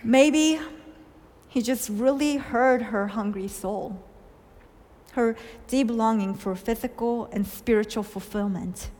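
A woman preacher giving a sermon, telling stories and asking questions, with soft hushed lines for quoted words. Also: a little high. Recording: long hall reverb.

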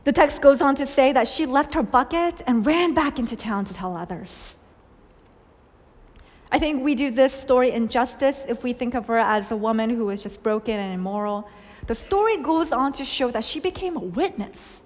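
A woman preacher giving a sermon, telling stories and asking questions, with soft hushed lines for quoted words. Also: a little high, lively intonation, moderate pace. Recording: long hall reverb.

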